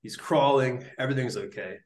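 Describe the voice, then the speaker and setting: A young man tells a story in a roomy space, his voice swinging up and down a lot. He is loose and slangy, with constant likes and dudes. His pitch sits in the middle. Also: fairly quick, darkish tone. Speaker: neuroscientist guest. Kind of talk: casual storytelling in a podcast interview. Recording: roomy echo.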